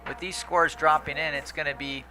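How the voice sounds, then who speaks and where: Bright-voiced Hawaiian surf commentator, a man. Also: on the high side, steady tone, normal speed. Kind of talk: live sports commentary.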